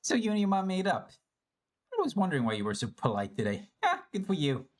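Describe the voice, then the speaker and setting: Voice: mid-range voice, wildly swooping pitch, a little fast, pitched above the performer's own voice. A streamer reading a cheerful companion's lines from a game aloud in a playful voice.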